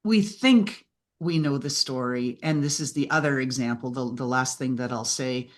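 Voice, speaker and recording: A woman speaking as a podcast guest and business mentor, telling lively stories, acting out quoted voices and often asking "right?". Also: very deep voice, normal speed. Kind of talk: animated interview conversation.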